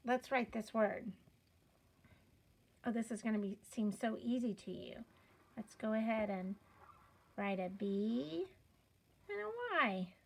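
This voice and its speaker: A woman's voice: a little high, expressive, takes it slowly, gravelly, long pauses. A woman teaching a children's phonics lesson, sounding out letters patiently and encouraging the learners. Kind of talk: slow step-by-step reading lesson.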